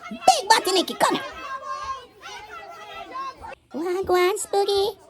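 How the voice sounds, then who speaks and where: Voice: very high voice, sing-song, moderate pace, crowd noise. A performer with a Jamaican accent playing a brash, swearing, weed-smoking street guy in a comedy skit. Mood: gossipy. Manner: loud, swearing, boastful patois. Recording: noisy background.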